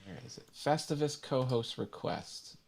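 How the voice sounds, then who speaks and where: A man's voice: mid-range voice, measured pace. A man co-hosting a casual live stream who teases himself and laughs often. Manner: teasing, self-mocking, laughs often. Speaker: co-host.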